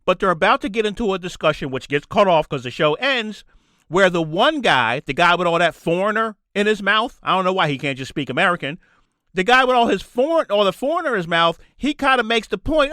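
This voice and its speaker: Podcast guy ranting solo, forceful voice, repeats himself a lot, dry close mic. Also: high-pitched, expressive, a little fast, no echo. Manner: ranting, repeats points for emphasis. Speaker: podcast host. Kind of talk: solo political commentary.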